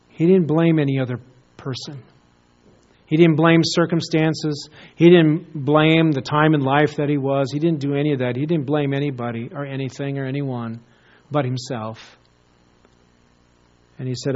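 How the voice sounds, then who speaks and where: A man's voice: on the high side, steady tone, a little slow. Earnest male pastor preaching, dull lo-fi. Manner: earnest storytelling, swinging between emphatic peaks and hushed solemn drops. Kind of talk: sermon.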